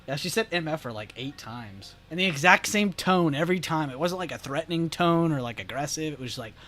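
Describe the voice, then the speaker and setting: A man's voice: a little high, lively intonation, fairly quick, a bit bright, soft background music. A man from the United States chatting casually on a livestream, reacting to chat messages and laughing often. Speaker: stream host.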